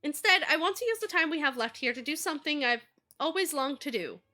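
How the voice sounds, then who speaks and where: A woman's voice: sits high, lively intonation, fairly quick, pushed and bright, faint music behind. A woman voicing a cheerful young woman in a dating game, eager and bubbly as she speaks. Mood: wistful, eager.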